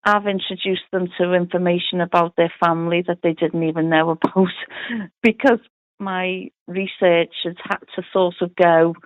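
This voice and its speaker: Over tinny, phone-like audio, a middle-aged Liverpool woman recounts her family's story for an interview. She speaks at a moderate pace in a fairly low, steady voice, chatting freely and quoting lots of dialogue.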